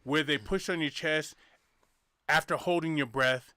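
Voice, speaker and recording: A man co-hosting a comedy podcast, telling stories quickly with plenty of profanity. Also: fairly high pitch, dry recording, studio quality. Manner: fast, profane, animated storytelling. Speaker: podcast co-host. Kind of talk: casual comedy chat.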